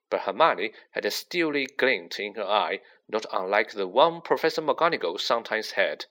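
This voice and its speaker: Male narrator, expressive storybook reading, lively bright voice. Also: lowish voice, normal speed, hardly any pauses. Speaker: audiobook narrator.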